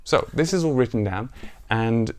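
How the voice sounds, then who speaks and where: A man teaching a ukulele song, counting beats aloud and explaining the plucking pattern in a relaxed, casual way. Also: medium pitch, moderate pace. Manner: counts beats aloud and sings lines softly. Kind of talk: music tutorial with counting and singing. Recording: ukulele music under the voice. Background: ukulele playing.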